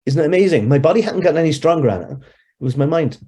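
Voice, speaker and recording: A man's voice: on the high side, lively intonation, fast, mellow, slightly rough. An Irish man in his sixties, telling rambling stories as a guest in an interview. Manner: rambling, conversational storyteller. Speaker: hypnotherapist guest. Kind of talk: anecdotal storytelling in an interview.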